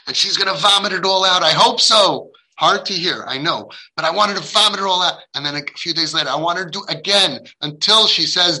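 A man's voice: high-pitched, fairly quick, few pauses, pushed and bright, poor audio. A man giving a heartfelt lecture to parents, speaking emphatically, acting out the dialogue he quotes, and dropping in Hebrew and Yiddish religious terms. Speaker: parenting guide addressing parents.

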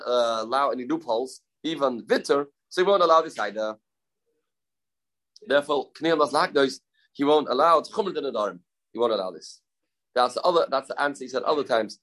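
A man's voice: mid-range voice, a bit bright. A man teaching a daily Talmud page, repeating phrases and mixing English with Hebrew and Aramaic terms. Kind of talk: explaining a Talmud page aloud.

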